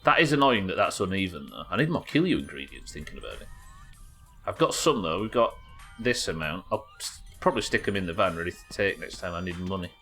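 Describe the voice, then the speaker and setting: A man's voice: deep voice, big pitch swings, fast talker, bright, forceful tone, faint music behind. A man streaming a game live, chatting to viewers and thinking aloud as he plays. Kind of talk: live gameplay commentary.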